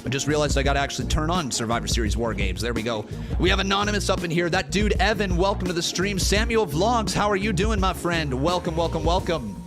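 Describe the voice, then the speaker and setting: A young man hosting a live watch-along stream, loudly hyping up his chat with shouts and chants. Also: fairly high pitch, quick pace. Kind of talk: hyped watch-along commentary. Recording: music under the voice. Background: music playing.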